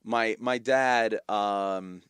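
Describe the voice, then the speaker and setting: Guest spot: middle-aged New York man, low voice, dry close sound, animated storyteller. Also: extremely slow, clear, resonant tone, no room sound. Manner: animated, repeats words, many fillers. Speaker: guest, company founder and CEO. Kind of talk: emotional storytelling in conversation.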